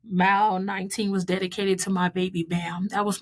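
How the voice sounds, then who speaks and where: A woman in her thirties from the United States, casually and warmly recapping her marathon, laughing often as she dedicates each mile to loved ones. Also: medium pitch, level tone, normal speed.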